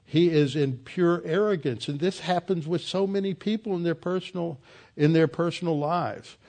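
A man's voice: a little high, normal speed, a little mellow. Earnest man preaching a Bible sermon. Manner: emphatic, earnest teaching.

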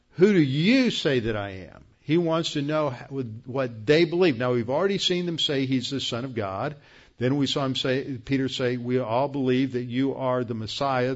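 Man teaching scripture, dull lo-fi sound. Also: mid-range voice. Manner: conversational, explanatory, with fillers and restarts. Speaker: pastor teaching Bible study. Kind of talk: sermon-style Bible teaching.

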